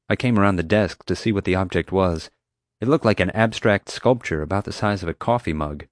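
Man narrating, audiobook, very low voice, steady, dry close studio sound. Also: fairly quick, dry recording. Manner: steady, clear storytelling.

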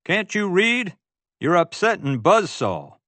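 A man voicing an angry male cowboy who shouts and scolds. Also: high voice, very animated, slow, no echo, pitched above the performer's own voice, exaggerated voice.

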